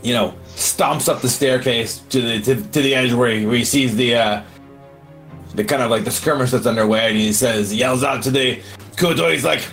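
A man's voice: mid-range voice, normal speed, a bit bright, soft background music. A man playing a tabletop game, rambling through his turn with many fillers and restarts. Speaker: player. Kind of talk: casual narration of a tabletop game.

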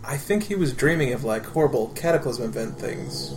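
A man's voice: mid-range voice, animated, a little fast, a little mellow, slight background noise. A man playing a tabletop game, asking clarifying questions. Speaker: player. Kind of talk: casual tabletop play.

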